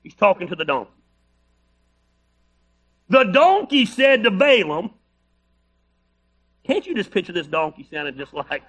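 High, bright-voiced male pastor. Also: very animated, a little slow, long pauses. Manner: storytelling Bible reading with playful asides. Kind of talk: sermon.

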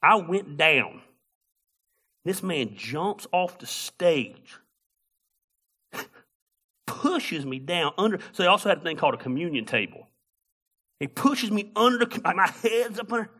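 A man preaching a sermon as a pastor, telling a story in an animated, humorous way. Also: high voice, unhurried, long pauses, breathy edge.

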